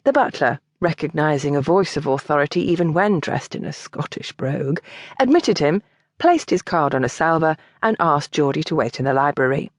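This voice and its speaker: A woman narrating a historical romance audiobook in an expressive, scripted reading. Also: low-pitched, normal speed, no echo, clean studio sound.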